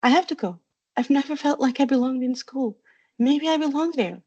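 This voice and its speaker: A woman voicing an eager, bookish young girl witch in a storybook reading, talking bright and breathless. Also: a little high, animated, brisk, muffled recording. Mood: upset.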